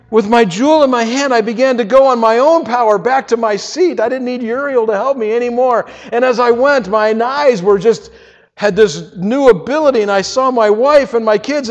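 A man with a fairly high voice tells an earnest first-person story, stumbling and repeating words as he goes. The recording is dull and lo-fi, with a long reverb trailing his words. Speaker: storyteller giving a testimony.

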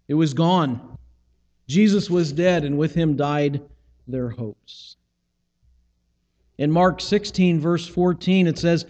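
A man's voice: on the high side, a little mellow, highs cut off. Preacher man in a reverberant hall. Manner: conversational, acts out scripture dialogue. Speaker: pastor. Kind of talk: sermon.

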